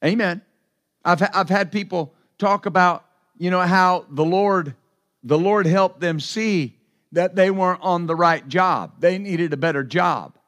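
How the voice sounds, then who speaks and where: A man with a notably high voice preaches a sermon as pastor. He drives points home with repetition and asks his listeners to respond. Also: a little slow, a bit bright. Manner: repetitive, emphatic preaching with call-and-response asides.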